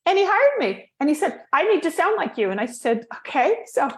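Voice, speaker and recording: A woman coaching people on speaking, her voice sitting a little high. She keeps acting out her own tips as she talks. The room around her rings with echo. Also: brisk. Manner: animated, demonstrates vocal techniques. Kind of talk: casual chat.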